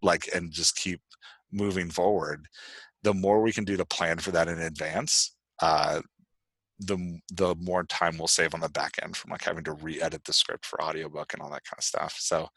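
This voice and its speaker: Deep-voiced man hosting a casual chat. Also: steady tone, moderate pace, gravelly, fairly bright tone, no room sound. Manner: loose and rambling, heavy with fillers like "like" and "you know". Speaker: podcast host.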